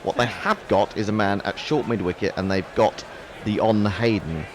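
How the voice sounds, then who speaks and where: A man's voice: fairly low pitch, normal speed, noisy background. A man giving live ball-by-ball cricket commentary, wry and self-mocking between calls.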